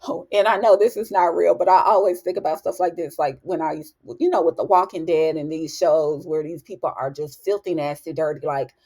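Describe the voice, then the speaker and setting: A woman recapping a TV episode in a casual, sassy, chatty way, with asides to the viewer and quick impressions of the characters. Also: sits low, fairly even intonation, a little mellow. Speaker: TV recap host.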